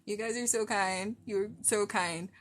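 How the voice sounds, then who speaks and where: A woman's voice: medium pitch, steady tone, measured pace. A young adult woman chatting casually with viewers on a live stream from her phone, rambling and effusive.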